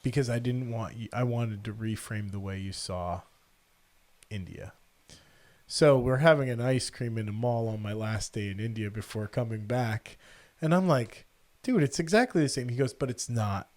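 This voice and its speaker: A man's voice: medium pitch, moderate pace. A middle-aged man hosting a podcast, telling a story casually and acting out the people in it. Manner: animated, quotes people in the story. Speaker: podcast host.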